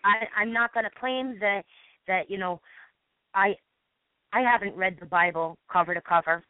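A woman's voice: medium pitch, no room sound. A woman from Massachusetts giving a fervent personal testimony as a guest panelist and reading scripture aloud, sometimes stumbling and restarting. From Massachusetts, USA. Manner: earnest, fervent, with halting restarts. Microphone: phone call. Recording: tinny phone line on internet radio.

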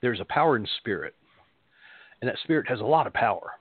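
A man's voice: medium pitch, lively intonation, fast talker, slightly rough, dry recording, narrow, tinny audio. A man, a pastor and show host, giving a spiritual talk and telling stories in a rambling way, repeating phrases for emphasis.

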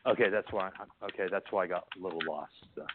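A man's voice: sits low, fast talker. A man calling in to a casual chat, talking hesitantly with many restarts. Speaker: caller. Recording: tinny phone line with faint noise.

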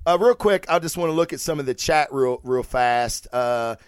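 A man's voice: mid-range voice, normal speed, clean tone, no echo, clean studio sound. A man hosting his own podcast, ranting casually with lots of swearing and restarts. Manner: profane, animated, rambling with restarts. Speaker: podcast host. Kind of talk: casual solo podcast rant.

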